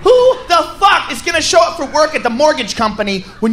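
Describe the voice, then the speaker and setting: A man doing a stand-up comedy set, ranting loudly and profanely in a rowdy manner. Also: very high voice, big pitch swings, fairly quick. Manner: rowdy, profane, shouting rants. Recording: live club with crowd and noise.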